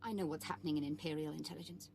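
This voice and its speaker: A woman's voice: low voice, steady tone, racing, vocal fry, a little mellow, a little hiss or hum. A woman voicing an arrogant, petulant young female Sith lord in video game dialogue, imperious and resentful. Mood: bitter.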